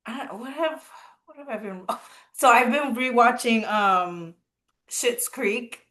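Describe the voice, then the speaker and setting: A woman co-hosting a podcast talks in a relaxed, easygoing way. She laughs often and drops short replies while her friend talks. Her voice is bright and clear, a little high. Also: takes it slowly. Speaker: podcast co-host. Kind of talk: casual chat.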